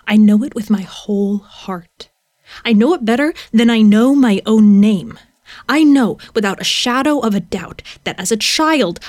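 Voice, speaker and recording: An actress reading a first-person tale as a young adult obsessed with half-remembered lizards, in a rambling, intense way. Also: female voice, fairly high pitch, a little mellow, no room sound, studio quality, close to an everyday voice. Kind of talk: first-person story reading, audio drama.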